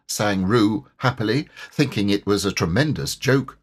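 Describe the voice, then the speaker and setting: A man reading a children's storybook aloud with expressive storytelling. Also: lowish voice, normal speed, few pauses, breathy edge. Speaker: audiobook reader. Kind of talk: storybook narration.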